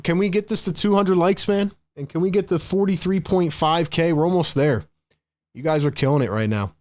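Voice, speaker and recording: A young man with a slightly high voice calls a basketball game live for his stream, fired up and chatty. He hollers at big shots, begs the chat for likes and jumps between plays and hot takes. His delivery is loose, fast and animated, like a fan behind a desk mic. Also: dry recording. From Philadelphia area. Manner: excitable, hypes the chat, shouts at big plays. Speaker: live stream host doing play-by-play.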